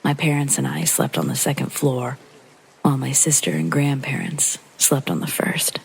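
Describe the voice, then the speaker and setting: A man narrating a true horror story in a hushed, breathy storytelling manner. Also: mid-range voice, big pitch swings, normal speed, slight background noise, poor audio. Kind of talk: scripted narration.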